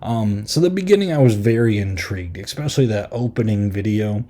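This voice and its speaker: A man with a low, mellow voice talks through a horror film in loose podcast chat. He rambles, leaning on filler words and slipping into brief half-acted quotes of the characters. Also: lively intonation. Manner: rambling, filler-heavy recap with frequent "like" and "um"; easily amused, retells scenes with quick half-acted quotes. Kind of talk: casual chat.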